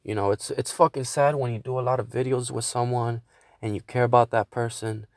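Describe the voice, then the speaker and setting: A man's voice: medium pitch, steady tone, fairly quick, creaky, no room sound, studio quality. A man hosting his own podcast, venting in a casual monologue with a lot of swearing and stumbling restarts. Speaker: podcast host.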